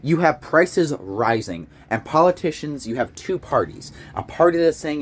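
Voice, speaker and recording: A man's voice: fairly high pitch, lively intonation, moderate pace, hardly any pauses, a little hiss or hum. A young man from the United States giving a heated, profane, rambling political rant with frequent restarts. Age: young adult. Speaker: political commentator. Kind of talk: casual rant to camera.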